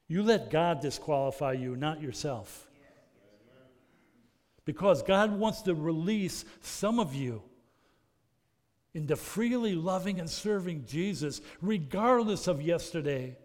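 A man's voice: fairly high pitch, expressive, unhurried. Earnest man preaching in a reverberant hall. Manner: earnest, swings from loud emphasis to soft intimate tones. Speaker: pastor. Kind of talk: sermon. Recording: long reverb of a large hall.

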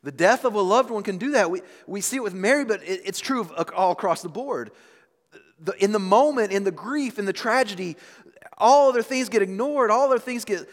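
A man in his thirties delivers a sermon from the pulpit, his slightly high voice rising and falling with lively, animated intonation. He swings from full-voiced emphasis down to near-hushed moments. His words ring out with a long reverb, as in a large hall. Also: brisk. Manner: expressive preaching with dramatic swings in volume. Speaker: pastor.

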